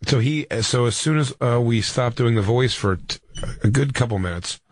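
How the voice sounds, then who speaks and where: A man's voice: medium pitch, moderate pace. A man co-hosting a comedy radio show, telling a story in casual, rambling banter that keeps correcting itself.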